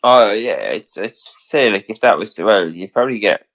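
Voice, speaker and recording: A man's voice: on the low side, moderate pace, muffled recording. A man co-hosting a casual podcast chat, laughing often as he relays news stories. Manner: laughs often, relaxed telling of news items. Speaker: podcast co-host.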